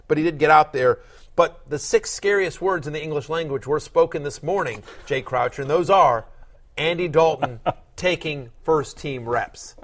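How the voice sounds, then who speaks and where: Man, podcast host, slightly higher voice, joking, teasing, animated, casual sports chat. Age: older than co-host.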